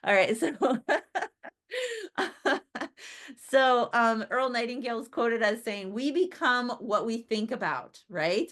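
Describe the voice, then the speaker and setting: A woman's voice: a little high, expressive, normal speed, a bit bright. A woman giving a chatty motivational business training talk, often laughing and checking in with her listeners by asking "right?".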